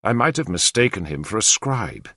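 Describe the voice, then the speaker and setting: A man narrating an audiobook in the first person, with expressive, lively storytelling on a close mic. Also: fairly low pitch, normal speed, husky, no echo.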